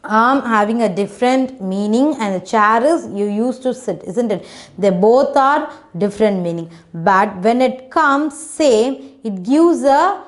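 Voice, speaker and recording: Her voice is a little high and expressive, a touch slow, as she teaches children phonics by spelling words one letter at a time. She often tags on "isn't it?" and her English grammar is non-native.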